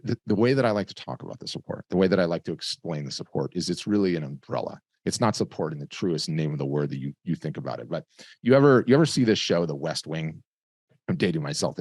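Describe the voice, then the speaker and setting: A middle-aged man hosting a webinar over a video call, giving a lively, conversational sales pitch. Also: no echo, clean studio sound. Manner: lively, conversational, tells stories with acted voices. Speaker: webinar host.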